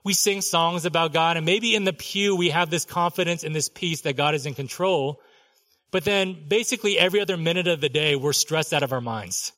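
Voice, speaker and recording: A man's voice: a little high, brisk, fairly bright tone. A young adult man preaching a sermon as pastor, conversational, with playful asides and repeated questions to the congregation.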